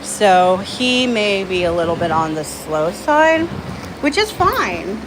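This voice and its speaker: A woman casually vlogging on her farm, chatting about her animals and cooing at them in a high baby voice. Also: sing-song, slow pace. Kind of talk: casual vlog narration and talking to animals. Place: outdoors on a farm with birds and horses. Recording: outdoor farm noise behind.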